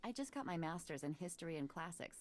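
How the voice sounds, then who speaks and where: An actress playing a sharp-tongued young woman in her twenties who works at a bookshop, trading dry, sarcastic put-downs in a voiced adventure game. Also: fairly low pitch, very animated, quick pace. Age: 20s. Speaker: game character.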